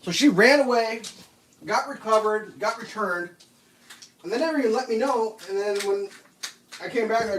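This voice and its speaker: A man's voice: high voice, expressive, brisk, a bit bright, a little hiss or hum. A man chatting casually while cooking breakfast at home, rambling through stories and laughing at them.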